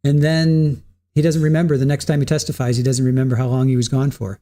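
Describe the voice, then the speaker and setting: A man's voice: mid-range voice, level tone, fast, warm tone. A man hosting a livestream, reading viewer comments and musing through them in a casual, hesitant way, often repeating his words. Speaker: livestream host.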